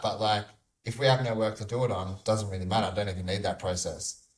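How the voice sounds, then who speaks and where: A man's voice: fairly low pitch, fairly even intonation, a little fast, distant mic. A man guesting on a casual podcast, telling stories and acting out the back-and-forth of conversations. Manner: storytelling, acts out quoted dialogue. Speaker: podcast guest, electrician business owner. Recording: echoey, a bit off-mic.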